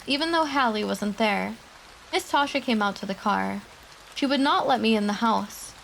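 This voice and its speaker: A woman's voice: on the high side, vocal fry, a little hiss or hum, low-quality recording. A woman streamer reading horror stories aloud to her live chat, with casual chatty asides in between.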